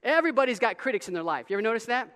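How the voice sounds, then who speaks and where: A man preaching a sermon as pastor, in an animated style full of casual asides and quick restarts. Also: very high voice. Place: church sanctuary. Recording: long reverb of a large hall.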